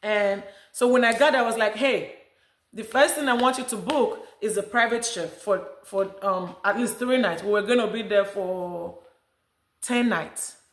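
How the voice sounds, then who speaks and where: A woman's voice: mid-range voice, moderate pace, reverberant. A middle-aged woman from Nigeria with a Nigerian accent, chatting casually and animatedly to her viewers about her travels. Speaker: vlogger.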